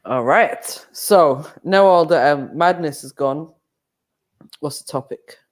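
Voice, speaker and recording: Host, slightly high voice, easygoing, keeps firing questions at the guests. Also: male voice, slow. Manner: laid-back, prodding questions. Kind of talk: casual chat.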